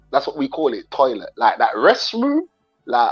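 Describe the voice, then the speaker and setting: A man from England chatting casually as the host, telling animated stories and laughing often. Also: medium pitch, fairly quick, husky. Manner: animated storyteller, mimics voices, laughs often. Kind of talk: casual chat on a livestream. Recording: dull lo-fi stream audio with faint music.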